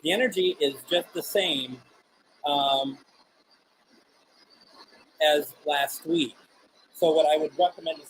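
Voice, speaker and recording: A man hosting a live paranormal show, calmly coaxing spirits with questions and frequent hesitations. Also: fairly high pitch, slow, long pauses, husky, low-quality recording. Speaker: paranormal radio show host. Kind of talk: live spirit box session, addressing spirits and chat.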